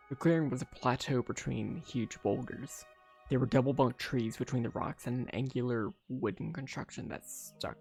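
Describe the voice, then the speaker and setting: Creaky man reading a game aloud. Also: medium pitch, darkish tone. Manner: narrates steadily, breaks off with quick asides. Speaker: streamer. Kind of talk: reading a visual novel aloud with commentary.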